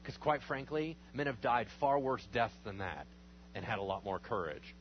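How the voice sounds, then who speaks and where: A man preaching as a pastor, praying over communion and reading scripture aloud, rising loud and high on emphatic lines and dropping to low murmurs. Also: animated, normal speed. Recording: slightly dull recording with faint hum.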